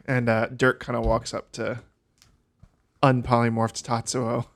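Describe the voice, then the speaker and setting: A man's voice: mid-range voice, completely flat delivery, a little slow, pauses often. A man narrating a tabletop game as game master, hesitant with many fillers.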